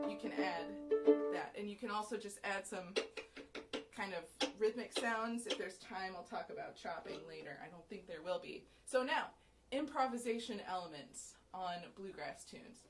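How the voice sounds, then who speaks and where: A woman from the USA giving a relaxed, explanatory fiddle lesson, often checking in with "right?", with violin playing between phrases. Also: mid-range voice, moderate pace, loud music behind the voice. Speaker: violin teacher. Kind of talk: casual music lesson with fiddle demonstrations.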